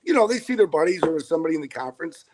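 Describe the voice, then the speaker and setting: A middle-aged man, a high school football head coach, answering interview questions over a video call in an earnest, rambling way with many restarts. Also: very animated, very fast, a little mellow, low-quality recording.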